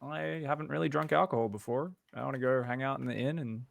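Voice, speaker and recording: A man's voice: medium pitch, quick pace, creaky, dry recording. A man playing a tabletop game, casually and chattily planning his moves aloud. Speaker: player.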